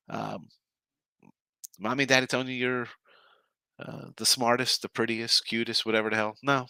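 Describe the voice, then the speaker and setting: An older man hosting a sports betting podcast, ranting sarcastically and gruffly before running through his daily picks. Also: mid-range voice, fairly even intonation, moderate pace, pauses often, bright, forceful tone, no room sound.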